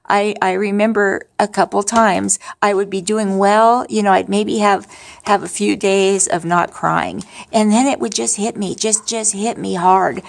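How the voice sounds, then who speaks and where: This tired middle-aged woman talks frankly about grief in a casual vlog monologue, full of restarts and dry, humorous asides. Her creaky, mid-range voice stays fairly even in intonation and moves a little slowly.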